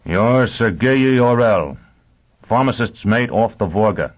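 A man voicing a vengeful, driven man who questions with calm ferocity. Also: fairly low pitch, takes it slowly, lo-fi sound, pitched above the performer's own voice. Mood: menacing. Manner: cold, intense interrogation.

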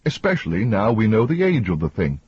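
Guy voicing a calm steady captain, low and breathy, dry dull sound. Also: a little fast, no echo, heavily acted. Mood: reasoning.

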